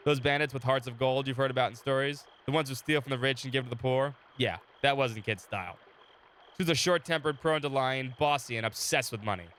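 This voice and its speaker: A man's mid-range, fairly bright voice comes through slight background noise as he chats casually on a live game stream. Recovering from illness with a sore throat, he reads the game's story text aloud, laughs often, and talks to chat between readings.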